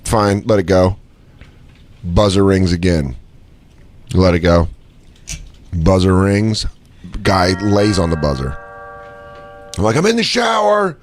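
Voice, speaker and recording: A young man co-hosting a radio show, telling a comic story with lively, shouted impressions of himself. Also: deep voice, takes it slowly, long pauses, faint music behind. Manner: animated storyteller, shouting when acting out his anger. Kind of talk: casual comedic banter.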